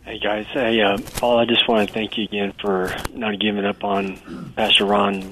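A man phones in to a radio show, his voice fairly low. He asks his question earnestly and haltingly, often repeating words as he goes. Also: level tone, fairly bright tone, a little hiss or hum, rough recording. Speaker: caller.

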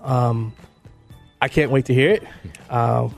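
A middle-aged man hosting a talk radio show, joking and animated, introducing a guest. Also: medium pitch, takes it slowly, vocal fry, soft background music. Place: radio studio. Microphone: studio mic.

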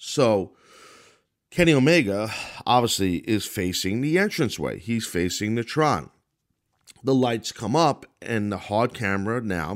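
A man's voice: fairly low pitch, fairly bright tone. A middle-aged man with a New York accent, hosting a wrestling podcast and giving blunt, rambling commentary full of restarts. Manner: blunt, rambling, self-correcting. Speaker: podcast host and former wrestling announcer. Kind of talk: casual commentary monologue.

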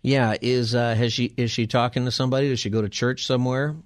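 A man's voice: medium pitch, little pitch movement, no echo, studio quality. A man hosting a Christian call-in radio show as pastor, talking earnestly in a preacherly way and praying for callers. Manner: earnest, preacherly, with quick restarts. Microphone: studio microphone.

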